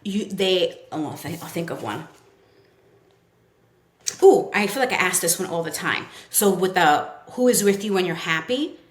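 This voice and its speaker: With a New York accent and a voice on the low side, this Brooklyn child therapist talks animatedly at a moderate pace as a podcast guest. Her chatty manner is packed with fillers, and she acts out the things kids tell her. The audio carries a roomy echo.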